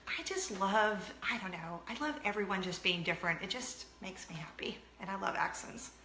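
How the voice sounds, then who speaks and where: A woman's voice: mid-range voice, expressive, normal speed, echoey room, background noise. A woman in her thirties hosting a chatty vlog, gushing and talking straight to her viewers. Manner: bubbly, gushing, talks to viewers directly. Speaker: vlog host.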